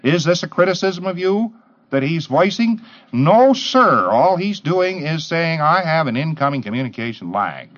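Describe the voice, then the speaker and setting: A man's voice: a little high, big pitch swings, normal speed, fairly bright tone. A man giving a lecture to trainees, emphatic, firing off rhetorical questions and mimicking the people he talks about. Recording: dull lo-fi old tape.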